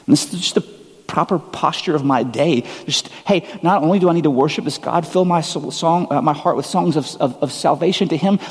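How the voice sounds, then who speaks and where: Husky-voiced preacher in a reverberant hall. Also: male voice, a little high, a little mellow. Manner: conversational, earnest, self-deprecating. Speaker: pastor. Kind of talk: sermon.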